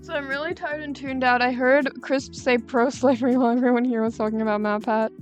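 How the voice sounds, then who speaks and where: A woman's voice: sits high, steady tone, brisk, highs cut off, faint music behind. A woman livestreamer chatting casually while drawing, rambling onto tangents and joking.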